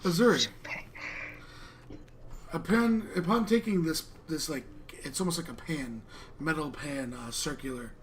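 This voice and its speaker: A man narrating part of a tabletop game, halting and repeating words as he goes. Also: on the high side, slight background noise. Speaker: co-game master.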